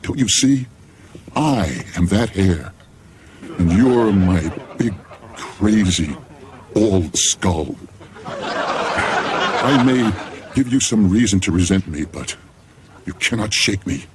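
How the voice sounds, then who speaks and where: Sitcom: pleading low-voiced ex, slow, lively intonation. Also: male voice, slight background noise. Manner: pleading, earnest. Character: wheedling ex-husband man, needy. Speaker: sitcom character.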